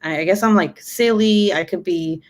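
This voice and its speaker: A woman's voice: on the low side, moderate pace. A woman in her twenties chatting casually on her live stream, cussing freely and laughing often. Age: 20s. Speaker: YouTuber.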